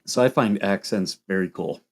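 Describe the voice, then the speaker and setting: Here the Toledo livestreamer talks at a normal speed with a low-pitched voice. The Ohio man's Midwestern accent comes through as he chats loosely with viewers, rambling and reacting to their comments.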